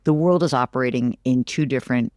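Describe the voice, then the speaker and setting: A middle-aged woman business analyst, a guest in a conversational interview, talks through the economy in an animated, emphatic way, often repeating words for stress. Her voice rumbles low and she speaks fast. The recording is dry and studio quality.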